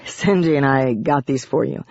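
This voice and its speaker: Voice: medium pitch, moderate pace, vocal fry, a little mellow, dry recording. An audiobook narrator voicing an earnest young man, a sheepish brother, on a dull and dry recording.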